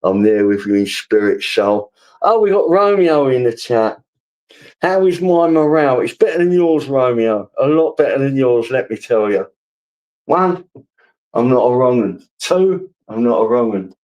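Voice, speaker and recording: A man's voice: medium pitch, animated, moderate pace, a little mellow, low-quality recording. A man with a casual, swearing manner, rambling through stories and answering his chat as a live streamer.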